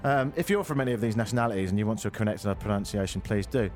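A man's voice: lowish voice, racing, faint music behind. A young man in his twenties, co-hosting a casual radio chat, playful and jokey, stumbling over foreign words. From England. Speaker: radio co-host.

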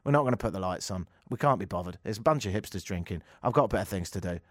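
A man putting on the voice of bored male police officers who can't be bothered, in a low mumbling drawl. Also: expressive, quick pace, no echo, clean studio sound.

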